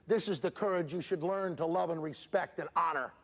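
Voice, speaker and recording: A man's voice: on the high side, fairly quick, few pauses. A man giving an emphatic motivational speech at a school assembly, calling out to the students. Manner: emphatic, animated, calls out to the audience. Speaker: motivational speaker. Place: school hall with student audience. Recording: echoey hall with crowd.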